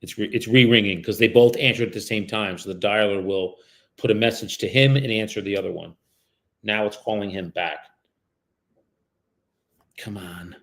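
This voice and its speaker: A man's voice: fairly low pitch, moderate pace, pauses often, fairly bright tone. A man in real estate streaming himself making cold calls, chatting loosely with viewers in slang and switching to a polite, raised voice when someone picks up. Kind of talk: live-streamed cold calling.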